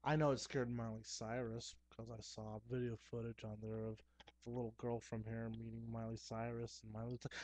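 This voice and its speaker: A young man talking casually to camera at home, chatty and excitable, with playful asides. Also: medium pitch, normal speed, dry recording. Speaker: horror movie vlogger. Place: dim room at home.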